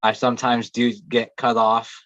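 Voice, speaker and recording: A man co-hosting a podcast, talking in a plain, matter-of-fact way with halting restarts over a video call. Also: mid-range voice, completely flat delivery, fairly bright tone, dry recording, lo-fi sound. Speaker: podcast co-host, mechanic. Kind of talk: casual chat.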